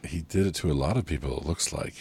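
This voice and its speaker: A man narrating a tabletop role-playing game as game master, describing scenes in a relaxed, loose way with many fillers. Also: very deep voice, fast, slightly rough, dry recording.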